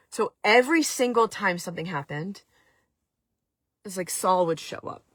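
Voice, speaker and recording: A woman's voice: lowish voice, lively intonation, normal speed, a bit bright, slightly rough, no echo, clean studio sound. A middle-aged woman with a Maine accent tells a personal story in a casual livestream chat, full of fillers and restarts, and talks now and then to viewers in the chat. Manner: chatty, emotional, many fillers and restarts. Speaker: host of a chat stream.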